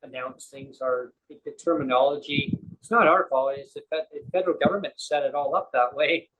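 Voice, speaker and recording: A man's voice: a little high, fairly quick, a bit bright, lo-fi sound, slight background noise. A man hosting a show, chatting casually and jokingly, rambling with many fillers and restarts. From Canada. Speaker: podcast host. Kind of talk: casual chat.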